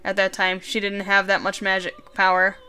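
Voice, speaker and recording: A woman voicing a remorseful male wizard trapped in a box, reading his lines in a measured, solemn way. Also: mid-range voice, completely flat delivery, bright, forceful tone, clean tone, soft background music, natural voice.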